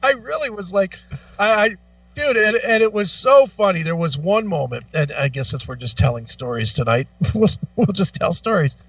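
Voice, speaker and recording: A man co-hosting a radio talk show, telling stories with lots of profanity in a lively, animated way. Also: sits high, normal speed, no echo, recorded from a distance, muffled recording. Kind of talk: casual chat. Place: radio studio.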